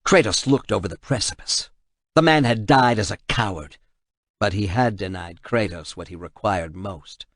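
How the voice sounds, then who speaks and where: A man reading an action novel aloud in steady, measured audiobook narration. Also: lowish voice, dry recording, clean studio sound.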